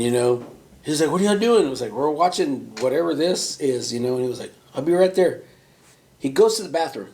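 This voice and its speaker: A man hosting a podcast, telling a profane workplace story in casual chat and acting out the quoted voices. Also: a little high. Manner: animated storyteller, acts out quotes in raised voice; casual, profane, many fillers like "right?" and "you know". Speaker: podcast host.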